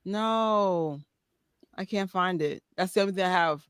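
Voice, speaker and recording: A woman's voice: lowish voice, measured pace, clean tone, no room sound. A woman on a video call from her apartment, talking casually and trailing off as she rambles. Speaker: guest. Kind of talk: casual chat. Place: apartment with background noise.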